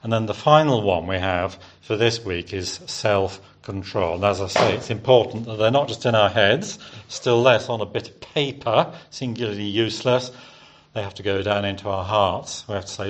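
A man's voice: fairly low pitch, moderate pace. A man preaching a sermon in a church service, quizzing the congregation and having them repeat words after him. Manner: interactive, asks the congregation questions and leads repetition.

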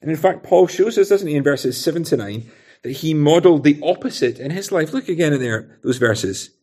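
A man's voice: fairly high pitch, expressive, fairly quick, a little mellow, husky. A man preaching an expository sermon in a conversational way, often adding rhetorical tag questions.

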